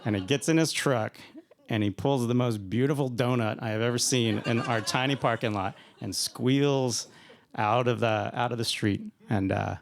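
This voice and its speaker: A man's voice: mid-range voice, normal speed, creaky, a little hiss or hum. A man telling a humorous personal story on stage at a live event, rambling and self-deprecating, often laughing as he talks.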